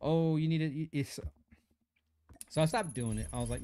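A man's voice: medium pitch, normal speed, dark tone. A young man live-streaming a mobile shooter, chatting casually in slang while greeting viewers and reading chat aloud.

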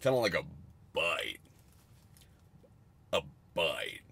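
A young man in his twenties casually reviewing candy on a livestream, rambling and crude with jokey bursts of excitement. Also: extremely low pitch, takes it slowly, vocal fry, husky.

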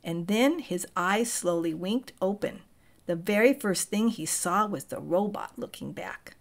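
A woman reading a children's novel aloud in a calm and clear way. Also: medium pitch, measured pace. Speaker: reader. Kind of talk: storybook read-aloud.

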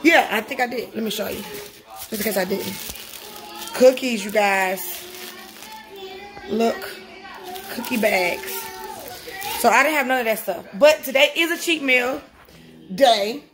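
A woman's voice: a little high, a little slow, long pauses, roomy sound, music in the background. A woman in her thirties chatting casually to her viewers in a vlog, tired from her workout and calling them "y'all". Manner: chatty, talks straight to viewers with lots of "y'all" and "you guys". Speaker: vlogger documenting a fitness journey. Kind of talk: casual vlog chat to camera.

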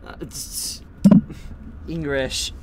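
A man's voice: fairly high pitch, heavy background noise. A male streamer chatting casually while playing a game live, giggling often and swearing freely as he rambles.

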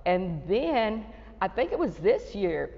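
A woman's voice: mid-range voice, big pitch swings, takes it slowly. An older woman hosting a faith talk show over a video call. She talks in an effusive way and keeps exclaiming phrases of praise. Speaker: host. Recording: echoey, muffled video call audio.

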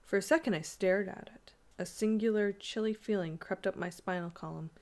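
A woman reading a classic ghost story aloud in a measured, expressive way. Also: mid-range voice.

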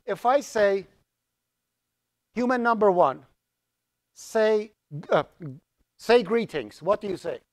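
A middle-aged man who grew up speaking Azerbaijani, teaching a college programming class in a lively, joking way and putting questions to the students. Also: high voice, slow pace, pauses often. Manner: lively, asks the class questions, jokes around. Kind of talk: live classroom lecture.

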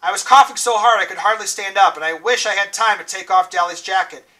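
A man teacher reading a novel aloud to a class in a plain, unhurried way, stumbling now and then. He is heard from some distance away from the mic. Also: high voice, bright, forceful tone.

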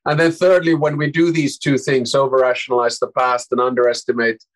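Finnish-accented man, 50s, interview guest; mid-pitched, measured, explains in full points. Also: flat delivery, poor audio. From Finland. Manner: measured, explanatory, with frequent restarts. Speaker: guest, former prime minister. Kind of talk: interview answers.

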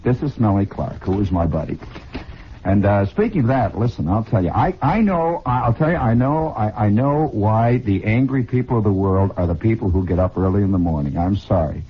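A man in his forties from the United States, hosting a rambling comic radio monologue as an excitable, digressive storyteller, heard on a dull 1960s broadcast. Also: lowish voice, moderate pace, breathy edge. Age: 40s. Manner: excitable, digressive storyteller who repeats and restarts. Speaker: radio host.

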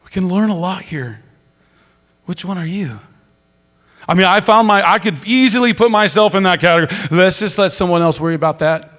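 A man preaching a sermon as pastor, animated, swinging from loud exclaiming to soft whispers. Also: high voice, brisk. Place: large church sanctuary. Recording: long hall reverb.

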